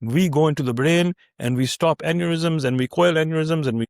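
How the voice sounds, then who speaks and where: A man's voice: fairly high pitch, brisk, vocal fry, no room sound, studio quality. A man voicing a brash, insistent older male doctor with an Indian accent who repeats himself emphatically, as a quote inside his story. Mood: boastful.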